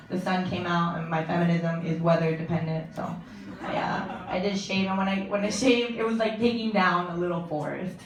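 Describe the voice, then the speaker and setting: A young woman performing a stand-up comedy set on stage, deadpan with frequent laughs. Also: fairly low pitch. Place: comedy stage with live audience. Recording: echoey live room from far off.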